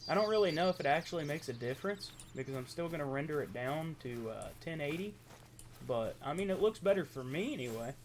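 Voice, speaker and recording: A man's voice: fairly high pitch, expressive, a little hiss or hum. Rambling Appalachian man, gaming chat. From southeastern Ohio, USA. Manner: rambling, halting, lots of ums and self-corrections. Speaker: gaming YouTuber. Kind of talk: casual gameplay commentary.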